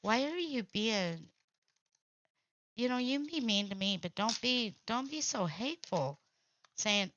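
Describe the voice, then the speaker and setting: A woman's voice: mid-range voice, animated, a little slow, fairly bright tone, dry recording. A woman hosting a crafting stream, chatting bluntly with salty language and frequent laughs. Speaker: crafting channel host. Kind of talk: casual craft livestream chat. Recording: dull lo-fi sound.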